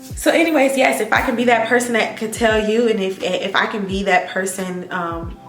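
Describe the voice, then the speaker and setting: Woman vlogger, earnest, emphatic, slightly hoarse, roomy sound, faint music behind. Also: mid-range voice, moderate pace. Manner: earnest, faith-filled, emphatic repetition. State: a little hoarse and emotional. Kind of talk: heartfelt storytime vlog.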